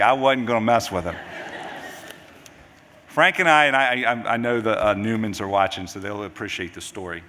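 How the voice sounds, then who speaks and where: A middle-aged grieving father giving a eulogy at a memorial service. He talks in a halting, rambling way, restarting his sentences. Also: mid-range voice. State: grieving, voice near tears. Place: large memorial service hall. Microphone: microphone at a podium. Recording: hall reverb, faint background noise.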